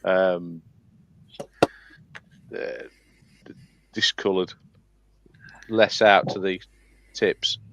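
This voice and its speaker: A man's voice: sits low, steady tone, extremely slow, pauses often, fairly bright tone, dull audio, slight background noise. A man chatting casually on a live panel call, hesitant with many ums and restarts. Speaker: scale modeller on a live panel. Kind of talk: casual chat. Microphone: video call.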